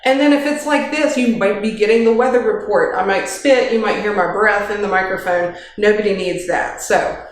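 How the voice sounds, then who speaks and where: A woman with a mid-range voice, speaking at a moderate pace, delivers a casual workplace training talk that's practical and chatty, sprinkled with light jokes. She uses a handheld microphone, and her voice rings around a very echoey kitchen.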